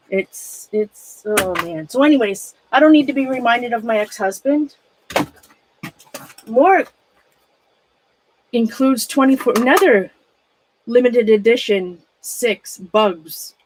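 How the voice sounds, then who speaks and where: A middle-aged woman chats casually on a livestream, her voice sitting a little high. She sounds nervous and a bit shaky, rambling on and greeting viewers by name as she sorts through her things. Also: slow pace, pauses often, noisy background. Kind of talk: casual livestream chat while sorting a closet.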